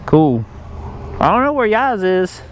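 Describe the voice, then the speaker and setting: A man's voice: sits high, big pitch swings, takes it slowly. A man vlogging outdoors on a motorcycle ride, talking in a rambling, jokey, chatty way. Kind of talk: casual vlog chat. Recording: loud wind and engine noise outdoors.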